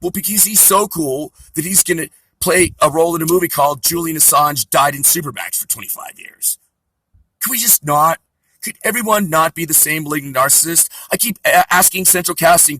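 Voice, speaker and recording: A man's voice: on the high side, a little fast, sharp tone, dry recording, poor audio. A man delivering a profane, sarcastic comedy rant.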